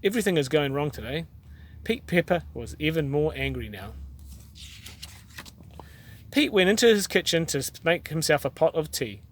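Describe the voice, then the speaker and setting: A man with a New Zealand accent reading a children's picture book aloud, gently and expressively. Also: a little high, very animated, moderate pace, pauses often, slight background noise. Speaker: storyteller dad.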